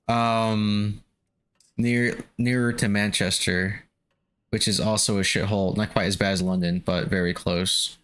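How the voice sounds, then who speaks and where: Laid-back low-voiced streamer guy. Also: flat delivery, measured pace, fairly bright tone, smooth. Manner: laid-back, swears, laughs a lot. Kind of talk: casual gameplay chat with viewers.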